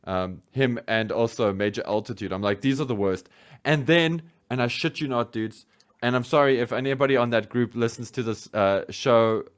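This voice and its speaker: A man co-hosting a podcast, talking in a loose, animated way. He laughs often and acts out what fans say in exaggerated voices. His pitch sits in the ordinary middle range for a man. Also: normal speed, smooth. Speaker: podcast co-host. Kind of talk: casual podcast chat.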